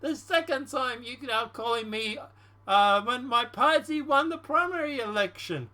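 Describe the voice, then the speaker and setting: A man voicing a flattering Ukrainian president in a put-on Russian-style accent while reading a call transcript aloud. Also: extremely high pitch, normal speed, exaggerated voice. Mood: eager.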